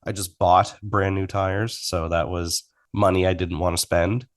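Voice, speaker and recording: A man's voice: sits low, steady tone, measured pace. A man co-hosting a faith podcast, chatting casually and trading jokes with his co-host. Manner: easygoing, jokey banter. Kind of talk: casual chat.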